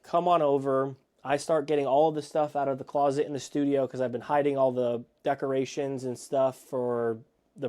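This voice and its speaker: A man co-hosting a podcast, telling an excited, rambling story in casual chat from a home studio. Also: medium pitch. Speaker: podcast co-host.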